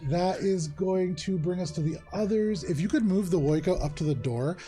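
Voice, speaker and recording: A man's voice: high voice, moderate pace, over music. Rambling man narrating as game master. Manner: vivid, rambling narration with fillers and hums. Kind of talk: narrating a live tabletop game.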